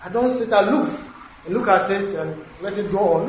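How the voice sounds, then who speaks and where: A man preaching a sermon, switching between English and Twi, halting with many fillers and restarts. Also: sits high. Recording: very echoey hall, dull lo-fi sound, faint hiss.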